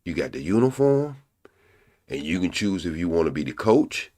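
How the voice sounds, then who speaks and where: An older man hosting a live stream, preaching bluntly and profanely, repeating his points slowly for emphasis. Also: sits low, very animated, a little mellow. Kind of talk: casual live-stream commentary.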